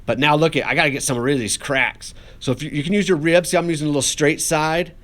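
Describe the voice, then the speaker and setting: A man's voice: a little high, steady tone, fast talker, a bit bright. A man teaching a pottery lesson, talking casually and cheerfully while he works the clay and encourages his students. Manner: upbeat and encouraging, talks while working with hands. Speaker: art teacher. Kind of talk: casual classroom demonstration.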